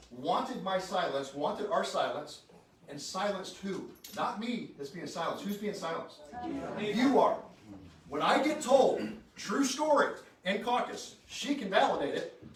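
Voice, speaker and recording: A man's voice: high-pitched, slight background noise. A man giving an informal political speech to a live audience. He is fired up and joking, and keeps quizzing the crowd with questions. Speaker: state senator. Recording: very echoey room, speaker far from the mic.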